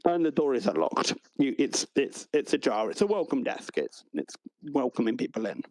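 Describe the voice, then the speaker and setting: A man's voice: medium pitch, sing-song, moderate pace, darkish tone, no echo, low-quality recording. A man narrating as game master in a tabletop game, hesitant and full of fillers.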